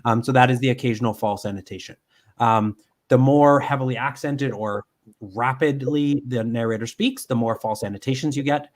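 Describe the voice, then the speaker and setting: A man giving a live software demonstration from home, explaining step by step with frequent ums and restarts. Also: mid-range voice, normal speed.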